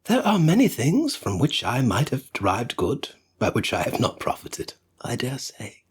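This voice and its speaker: A man voicing a cheerful, upbeat young man who pleads warmly with his grumpy uncle in a storybook reading. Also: medium pitch, wildly swooping pitch, normal speed, slightly rough, heavily acted. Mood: pleading.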